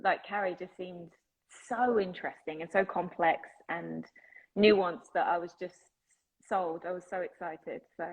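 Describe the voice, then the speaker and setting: A woman's voice: on the low side, a little slow, muffled recording. A woman with an English accent, chatting enthusiastically as an actress being interviewed and laughing often. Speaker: actress guest. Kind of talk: casual interview chat.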